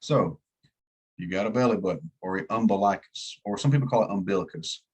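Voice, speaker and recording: A man's voice: deep voice, fast talker, a little mellow, husky, rough recording. A man with a slight Southern US twang teaching an EMT class in a casual, folksy way, asking his students to follow along. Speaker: EMT instructor.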